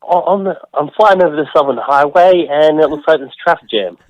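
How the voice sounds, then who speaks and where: A mock-serious Australian traffic reporter calling in from the air, as a man puts him on. His voice sits higher than the speaker's own, on a slightly dull, lo-fi recording. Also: fairly quick, lightly acted. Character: male radio traffic reporter in a helicopter.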